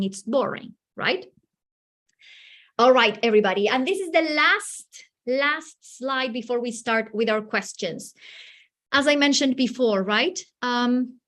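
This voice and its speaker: Brief: woman workshop presenter, lively and animated, higher pitch, talking to teachers on a video call. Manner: lively, animated, acts out children's voices. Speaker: teacher trainer.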